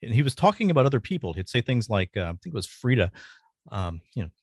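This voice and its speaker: A man's voice: medium pitch, sing-song, breathy edge, no room sound. Earnest guy telling his own story, stops and starts a lot, dry close mic. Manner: halting, earnest, pauses often. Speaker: podcast guest. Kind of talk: personal storytelling.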